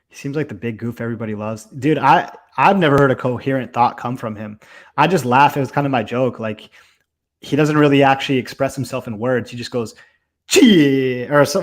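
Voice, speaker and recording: A man's voice: medium pitch, fairly quick. Casual, profane young man commenting on fights. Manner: loose and profane, with many fillers. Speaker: co-host of a fight watch-along.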